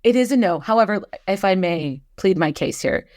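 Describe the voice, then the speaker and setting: A woman's voice: mid-range voice, lively intonation, moderate pace, a little mellow, dry recording, clean studio sound. A young woman, an actor and writer, telling a self-deprecating story as a podcast guest, laughing often.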